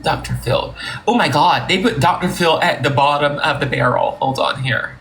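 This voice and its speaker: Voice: medium pitch, normal speed, a bit bright, slight background noise, poor audio. A host on a live stream, boastful, thanking viewers for gifts by name. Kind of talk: casual live stream chat.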